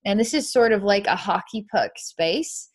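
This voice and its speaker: A woman's voice: medium pitch, moderate pace. A woman psychic narrating a live energy-healing session in an earnest, meandering way, describing what she sees as it happens.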